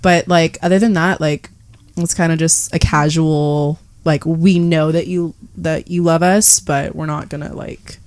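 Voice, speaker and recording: A young woman chatting casually as a guest on a podcast. She talks with a lot of "like" and acts out quoted lines in a higher voice. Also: steady tone, unhurried, a little mellow, dry recording. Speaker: guest, host's girlfriend.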